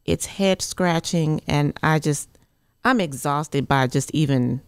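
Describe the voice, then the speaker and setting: Smooth, lightly gravelly woman guest. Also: low voice, dry recording, studio quality. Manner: measured, thoughtful, with many ums. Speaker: guest editor. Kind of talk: casual studio chat. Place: studio.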